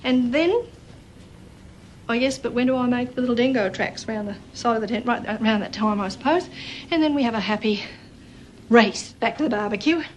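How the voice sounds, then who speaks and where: A woman's voice: a little high, a little fast, pauses often, natural voice, low-quality recording. An actress playing an indignant mother accused in court, sarcastic and incredulous, in a film clip with faint noise. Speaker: film character.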